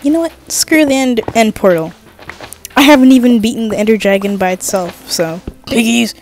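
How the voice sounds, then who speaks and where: A woman's voice: fairly high pitch, normal speed, a little mellow, faint music behind. A woman giving casual, jokey commentary while playing a game, chatting to herself and swearing now and then. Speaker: gaming vlogger.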